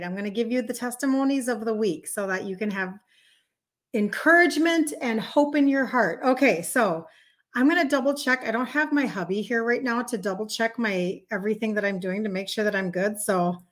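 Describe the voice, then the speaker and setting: Chatty Minnesotan woman hosting a live stream. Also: fairly high pitch. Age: 50s. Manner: chatty, greets viewers and answers comments on the fly. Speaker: host, health coach. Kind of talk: live-stream chat with viewers.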